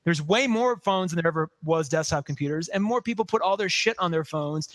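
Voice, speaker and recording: A man co-hosting a podcast, chatting casually about tech as an animated, rambling storyteller. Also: a little high, a little fast, no room sound. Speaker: podcast co-host.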